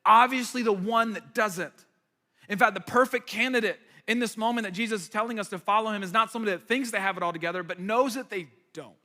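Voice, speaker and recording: A man's voice: high-pitched, quick pace, pushed and bright. A man preaching a sermon as a pastor, conversational and emphatic with playful asides. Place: church hall. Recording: reverberant hall.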